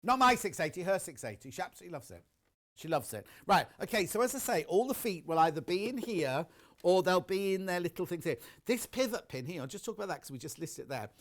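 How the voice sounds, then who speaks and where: A man's voice: sits high, expressive, fast. A man presenting a live television shopping demonstration in a TV studio, chatty and enthusiastic, talking straight to viewers.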